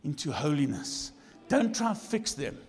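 A man, a lead pastor, preaching in a church, jokey and animated, jumping from shouts to quiet asides. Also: on the high side, normal speed, big-room sound. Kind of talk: sermon. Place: church hall.

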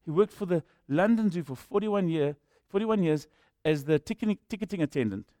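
A man's voice: high voice, fairly quick, no room sound. Man, South African accent, jokey storytelling preacher, voice leaps around, dry recording. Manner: animated and jokey, acts out the people in his stories. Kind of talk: storytelling sermon.

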